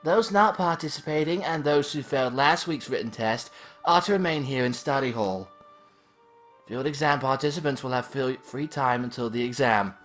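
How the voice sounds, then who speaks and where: A man's voice: medium pitch, normal speed, a bit bright, soft background music, close to an everyday voice. A man voicing a prim young female instructor in a video game, with a mock-posh delivery. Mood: instructive.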